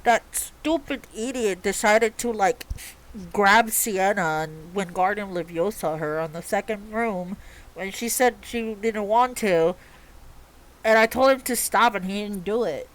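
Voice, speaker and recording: A woman's voice: mid-range voice, unhurried, lightly acted, rough recording. A woman voicing an angry young male wizard student who rambles indignantly.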